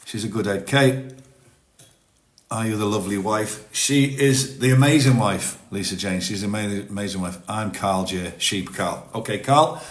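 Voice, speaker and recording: A talkative British man with a mixed Welsh, Manx and Teesside accent and a slightly low voice, chatting loosely on a phone live stream and answering comments. He rambles warmly from topic to topic. The sound has a noticeable roomy echo from his home. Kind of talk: casual live-stream chat. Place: home in Spain.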